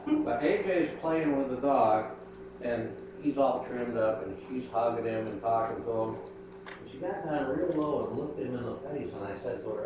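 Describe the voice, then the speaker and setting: A man's voice: mid-range voice, lively intonation, moderate pace. An older man, a pastor, telling a folksy children's sermon about his granddaughter. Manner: folksy storytelling. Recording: echoey room, mic far off, noisy.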